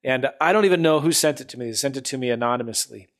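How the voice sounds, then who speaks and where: A man's voice: mid-range voice, rapid-fire. A man hosting a casual chat, easygoing and affirming as he shares his own stories.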